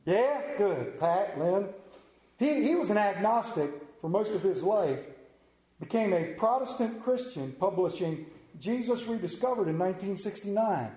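Preacher with dramatic hushed drops. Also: male voice, high voice, expressive. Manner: dramatic pauses, drops to a hushed voice on key words. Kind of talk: sermon. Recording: echoey room.

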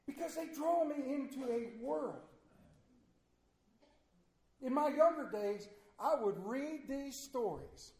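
High-voiced folksy pastor in echoey church. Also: male voice, a little mellow. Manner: folksy storytelling with emphatic swings. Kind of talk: sermon. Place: church sanctuary.

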